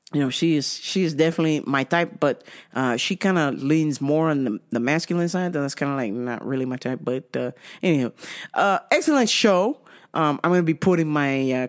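A woman hosting her own show, telling a casual story with lots of swearing and laughter. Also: low voice. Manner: animated, profane, laughs often. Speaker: podcast host.

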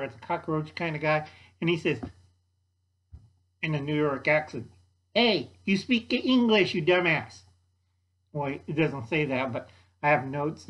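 A man's voice: on the high side, a bit bright, slightly rough, lo-fi sound. An older man hosting a video, rambling through a made-up movie plot and losing his place in his notes. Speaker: YouTube host.

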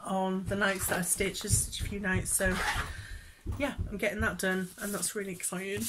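A woman's voice: medium pitch, little pitch movement, moderate pace, background noise. A woman chatting casually in a cross-stitch vlog, rambling with many fillers and frequent laughs. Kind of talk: casual chat showing stitching projects.

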